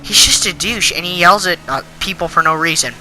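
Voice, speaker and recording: A man's voice: sits high, a little fast, pushed and bright, slight background noise, low-quality recording. A teenage boy telling a school story in an indignant, rambling way, full of fillers. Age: teens. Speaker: channel host. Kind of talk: storytime rant.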